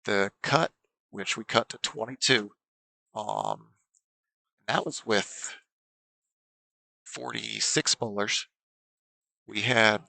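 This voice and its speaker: A man calls a bowling tournament for a livestream, his voice very bright and edged with gravelly fry. He walks through scores and standings in a steady, explanatory way, filling pauses with ums. The sound is dry and close. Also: on the low side, no room sound, rough recording. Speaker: bowling commentator. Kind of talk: play-by-play sports commentary.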